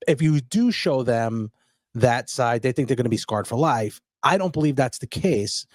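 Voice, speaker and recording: A man hosting a casual interview podcast, speaking in a thoughtful, measured way. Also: mid-range voice, expressive, no echo, studio quality. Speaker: podcast host.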